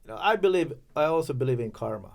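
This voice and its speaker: A man from Los Angeles speaking as a podcast guest in casual, halting talk with many fillers and restarts. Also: fairly high pitch, expressive, creaky, darkish tone. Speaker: podcast guest, chamber of commerce president. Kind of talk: casual interview chat.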